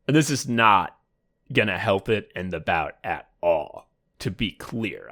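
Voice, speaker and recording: Guy with a lowish voice hamming up a fake sports announcer bit on a podcast. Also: fairly bright tone. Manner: mock sports announcer, rambling and joking. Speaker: podcast co-host. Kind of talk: comedic podcast banter.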